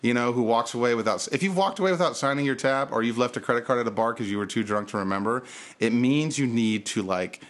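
A man hosting a podcast, telling a story in casual chat and acting out the people in it with big jumps in his voice. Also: fast. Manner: animated, acts out quotes with big pitch jumps. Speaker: podcast host.

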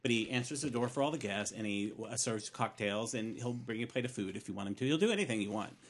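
A man's voice: medium pitch, expressive, quick pace. A man co-hosting a casual podcast, chatty and laughing often, trailing off with fillers. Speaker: podcast co-host. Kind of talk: casual chat.

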